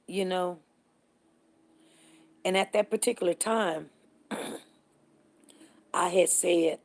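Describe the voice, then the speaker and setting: Chatty woman hosting a morning live stream. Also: on the low side. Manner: chatty, greets viewers by name; animated storytelling, voices others in the story.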